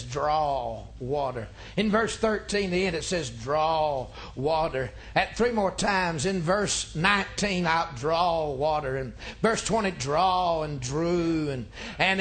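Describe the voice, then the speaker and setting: A male pastor, preaching a folksy, joking sermon that climbs into shouts. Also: high voice. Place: church sanctuary.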